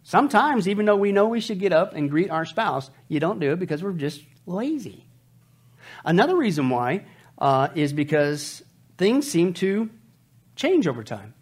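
A man's voice: high voice, very animated, moderate pace, husky. A man preaching a humorous sermon, joking with his audience and calling them folks.

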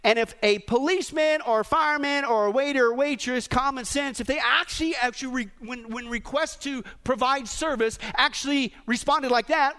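A man preaching a sermon as pastor, animated, acting out rude voices and dropping to quiet emphasis. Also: very high-pitched, moderate pace.

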